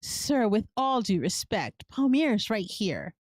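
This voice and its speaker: A woman voicing a composed young man who answers politely and calmly. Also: mid-range voice, slow pace, no room sound, clean studio sound.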